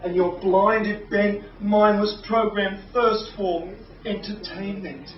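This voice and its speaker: A man's voice: high voice, steady tone, takes it slowly. A man performing a rhyming spoken-word piece as a bitter, sardonic male gladiator, in a mocking, rhythmic delivery. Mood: bitter sarcastic. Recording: distant, roomy lo-fi live recording with ambient noise.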